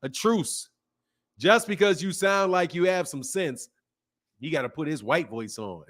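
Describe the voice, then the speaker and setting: A man with a high, light voice hosts a boxing live stream. He rants with sarcasm and heat, drops into mock pleading, then bursts out loud. The talk runs off the cuff in a casual stream style. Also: expressive, measured pace. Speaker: boxing channel host. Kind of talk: live-stream commentary and rant.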